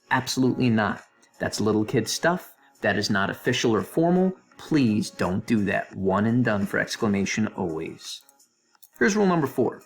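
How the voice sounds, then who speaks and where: Man, english teacher, recorded grammar lesson, voice-over, lively swooping intonation, playful asides. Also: on the low side, normal speed. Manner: animated, playful asides to students.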